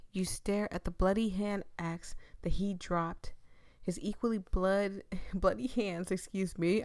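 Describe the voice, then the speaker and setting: Expressive young woman reading a game aloud. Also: lowish voice, dry recording, clean studio sound. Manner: expressive, dramatic, shifts between hushed reading and loud reactions. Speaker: streamer playing a visual novel.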